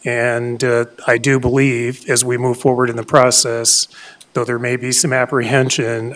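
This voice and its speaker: Flat-voiced man speaking at a county meeting. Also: mid-range voice. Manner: steady, even delivery with many "you know" fillers. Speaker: county commissioner. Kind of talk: public meeting remarks.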